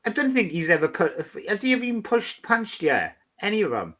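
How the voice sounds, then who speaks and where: Heated man, higher voice. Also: very animated, fairly quick, sharp tone. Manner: heated, boastful, swearing. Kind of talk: casual chat.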